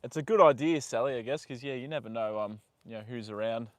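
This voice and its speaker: A young man live-streaming from a horse paddock, chatting with viewers and talking softly to his horse. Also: mid-range voice, fairly even intonation, fast talker, dry recording. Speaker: livestream host. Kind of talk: casual live stream chat.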